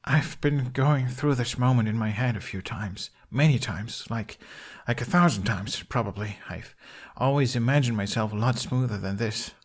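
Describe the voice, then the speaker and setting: A man voicing a nervous, gentle young Viking man whose voice quavers and halts. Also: medium pitch, normal speed, close to an everyday voice. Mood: rambling.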